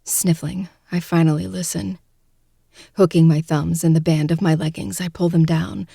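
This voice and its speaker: A woman narrating a first-person audiobook, with a hushed, tearful delivery in tense moments. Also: sits low, steady tone, moderate pace, vocal fry, husky, no echo, clean studio sound.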